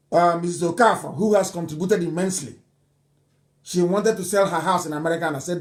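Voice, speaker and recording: Male radio host, high-pitched, insistent and pleading, live address. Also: brisk. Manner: forceful, repetitive, pleading. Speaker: radio broadcaster taking calls.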